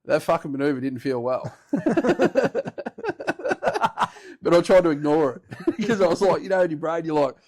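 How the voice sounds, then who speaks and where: A man's voice: on the high side, animated, moderate pace, long pauses, a little mellow. A man with an Australian accent, hosting a podcast and telling a rambling, swear-filled story in a casual way, often breaking into laughter. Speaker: podcast host.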